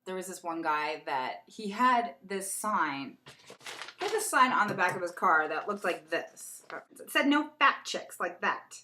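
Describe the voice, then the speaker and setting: A young woman chatting casually in a get-to-know-me vlog, animated and laughing as she tells a story. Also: fairly low pitch, a little slow, slight background noise. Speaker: beauty vlogger. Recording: echoey room.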